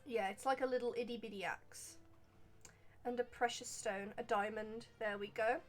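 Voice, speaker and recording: A woman's voice: a little high, steady tone, moderate pace, faint music behind. A woman from England with an English accent, chatting casually and rambling as she plays a game on stream, laughing at herself. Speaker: gaming streamer. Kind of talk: casual let's-play commentary.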